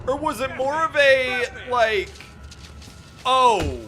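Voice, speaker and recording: A young man streams a game and chats casually, cursing and breaking into laughter. His voice is very high and bright. He talks slowly, with a lively, swinging pitch. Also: soft background music. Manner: profane, excitable, laughs often. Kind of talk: casual gaming stream chat.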